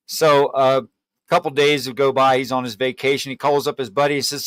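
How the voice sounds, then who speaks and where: A man hosting a casual live stream chat, telling jokes in an animated way and laughing easily. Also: medium pitch, fairly quick, clear, resonant tone, no echo. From United States. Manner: animated storyteller, laughs readily.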